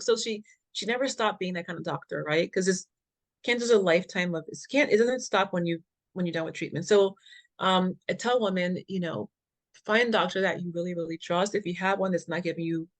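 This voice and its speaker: A woman guest in an interview, speaking as a patient advocate and telling a frank, lively story that acts out the dialogue, with easy laughs and punchy slang asides. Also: fairly low pitch.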